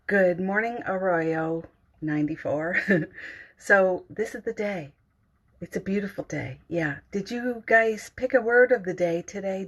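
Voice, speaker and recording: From home, a middle-aged woman hosts a casual morning livestream, gently greeting viewers and reading their comments aloud with plenty of giggles. Her voice is mid-range and slightly rough.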